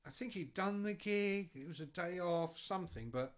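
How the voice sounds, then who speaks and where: Animated older storyteller man. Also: high-pitched, normal speed. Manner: animated, swearing, acts out the voices. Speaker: podcast co-host. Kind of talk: casual storytelling chat.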